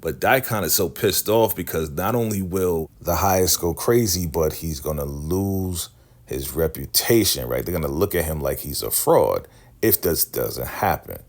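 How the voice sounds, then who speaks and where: A man's voice: low-pitched, lively intonation, moderate pace. A man casually recapping a TV episode, telling the story with street slang and acting out the characters. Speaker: TV recap vlogger.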